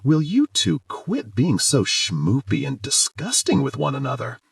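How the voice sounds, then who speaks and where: A man's voice: medium pitch, huge pitch swings, measured pace, gravelly, dry recording, studio quality, pitched above the performer's own voice, full character voice. A man voicing an exasperated young male friend with a whiny, fed-up delivery, in an audiobook.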